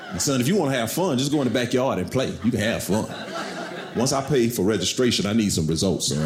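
A middle-aged man doing stand-up, telling animated stories about his kids and acting them out in high voices. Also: a little fast. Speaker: stand-up comedian. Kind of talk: stand-up comedy routine. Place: comedy club stage. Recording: echoey club with loud crowd noise.

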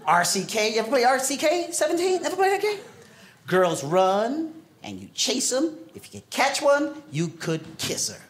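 A man's voice: very high-pitched, big pitch swings, normal speed, reverberant. A man from New York doing stand-up comedy, telling childhood stories in a conversational way and teasing the audience. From New York City.

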